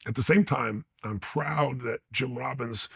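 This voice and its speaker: A man's voice: medium pitch, unhurried, gravelly, fairly bright tone, slightly rough, no echo. A man being interviewed, telling personal stories with intensity and blunt emphasis. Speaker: interview guest. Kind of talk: animated personal storytelling.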